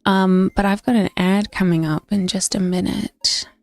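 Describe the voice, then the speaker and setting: A young woman chats casually with viewers on a cosy gaming stream, reading bits of game dialogue aloud. Her voice sits at a medium pitch and is recorded close and dry on a desk mic. Soft music plays quietly behind her. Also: fairly even intonation, normal speed, no echo. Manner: chatty, friendly, often reads game dialogue aloud.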